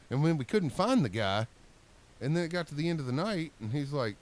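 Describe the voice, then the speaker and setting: A man swaps stories with friends on a podcast, winding through a long tale and voicing the people in it. His pitch rises and falls freely as he talks. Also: fast talker. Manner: rambling, animated storyteller acting out quotes. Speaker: podcast co-host. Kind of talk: casual storytelling chat.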